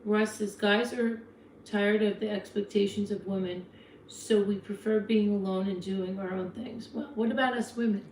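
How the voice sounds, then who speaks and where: A woman's voice: medium pitch, steady tone, normal speed, darkish tone, roomy sound, slight background noise. A woman in her fifties with a New Jersey accent, hosting a casual livestream and chatting frankly back to viewer comments. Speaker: livestream host. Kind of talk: casual live chat reading comments.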